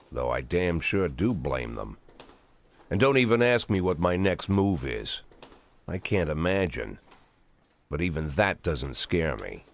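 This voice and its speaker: A cynical aging police chief. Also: male voice, low-pitched, exaggerated voice. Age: 60s. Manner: dry, sardonic inner monologue. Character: aging gruff male police chief, cynical, world-weary. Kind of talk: game voice-over narration.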